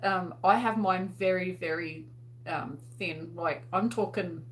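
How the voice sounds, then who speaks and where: A woman's voice: lowish voice, unhurried, a little hiss or hum. A woman with an Australian accent hosting a casual livestream. She chats and laughs and uses lots of fillers as she answers viewers' comments. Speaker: host.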